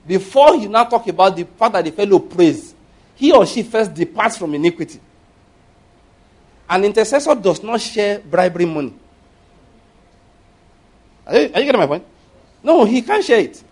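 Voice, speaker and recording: A man preaching a sermon, emphatic and questioning, reading scripture aloud slowly and forcefully. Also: sits high, sing-song, slightly rough. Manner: emphatic, rising and falling with stress, asks the congregation questions.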